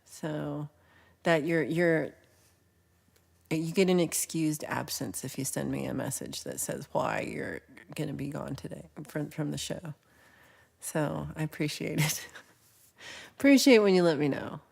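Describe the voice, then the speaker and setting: A woman's voice: sits low, lively intonation, unhurried, gravelly, darkish tone, slightly rough. A woman hosting a casual livestream, chatting, teasing and laughing as she reads viewer comments. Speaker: livestream host.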